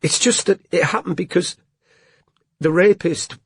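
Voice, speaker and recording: A man's voice: mid-range voice, animated, moderate pace, husky, no room sound, clean studio sound. A man voicing a young woman detective who is tearful and shaken, with a strained, breaking voice. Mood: distraught.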